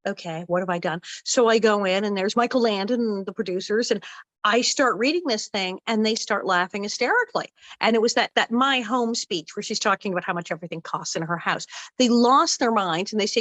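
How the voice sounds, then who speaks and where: A middle-aged woman telling stories as a guest in a casual interview, animated and acting out the voices she quotes. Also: medium pitch, fairly quick, dry recording, rough recording. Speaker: guest actress.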